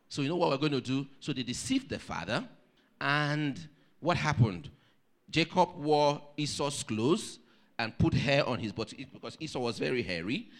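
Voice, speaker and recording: A male pastor preaches a sermon at a moderate pace in a medium-pitched voice. He tells a story with lively energy and puts questions to the congregation.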